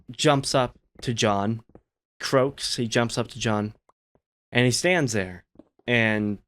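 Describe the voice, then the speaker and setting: Male gaming host, relaxed storyteller, rambling easygoing delivery, smooth voice at an average pitch. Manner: meandering, laid-back, many "you know" fillers. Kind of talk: relaxed gameplay commentary with storytelling.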